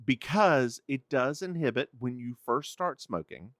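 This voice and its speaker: A man's voice: medium pitch, lively intonation, a little slow, a bit bright, dry recording, studio quality. A man co-hosting a podcast in casual chat, teasing his co-host and repeating phrases for laughs. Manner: teasing, playful, repeats phrases for comic effect.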